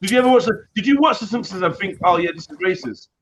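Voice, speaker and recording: A man's voice: high-pitched, expressive, fast, background noise. A man hosting a live stream, chatting loosely and joking with slang. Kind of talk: casual group chat.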